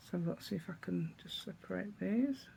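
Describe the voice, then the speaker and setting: Sitting at her table, a middle-aged East Midlands woman rambles through a craft tutorial, dropping in tag questions as she goes. Her mid-range voice is gravelly, mellow, and husky, and the recording is rough.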